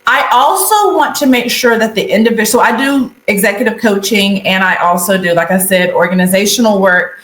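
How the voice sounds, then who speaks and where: A woman guest talking about her consulting work in an interview, animated and laughing often. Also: medium pitch, brisk, hardly any pauses, roomy sound, rough recording. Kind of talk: conversational interview.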